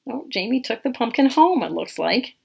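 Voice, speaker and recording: Animated, gravelly-voiced woman reading to kids. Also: on the high side, normal speed. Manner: animated, asks children questions and counts aloud. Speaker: storytime reader. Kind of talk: interactive picture-book read-aloud for small children.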